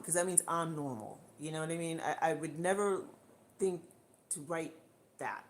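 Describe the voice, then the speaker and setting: Low-pitched and steady in tone, a livestream host speaks at a moderate pace directly to her camera, delivering a blunt, indignant, casual rant and circling back to the same points. She's recorded on the camera mic.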